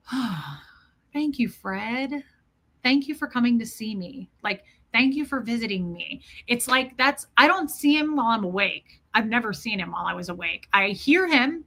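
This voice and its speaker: A woman's voice: a little high, sharp tone. A woman hosting a live stream, telling a personal story in an earnest, casual way and greeting viewers by name.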